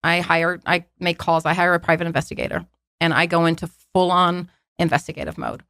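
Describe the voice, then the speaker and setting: A woman's voice: lowish voice, fairly even intonation, brisk, creaky, a bit bright, no echo. A woman guest telling a personal story in an interview, vivid and emphatic, often restarting her sentences.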